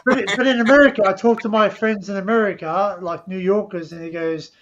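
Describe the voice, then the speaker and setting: Chatty high-voiced man, lo-fi audio. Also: steady tone, a little fast, few pauses, fairly bright tone. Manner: rambling, laughing storyteller. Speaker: stream host. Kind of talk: casual chat.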